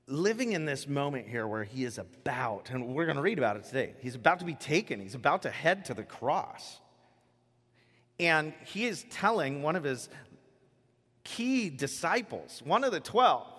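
A man preaching a sermon in a large hall, his somewhat high voice carrying a long reverberant tail. He talks casually and animatedly, dropping to quiet reflection and then rising to loud, emphatic points. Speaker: pastor.

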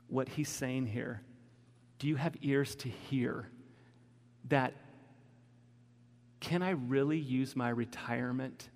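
A man delivers a candid, emotional sermon in a conversational way, his voice gravelly with creak. His voice rings with the long reverb of a church hall. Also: medium pitch, a little mellow. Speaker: pastor.

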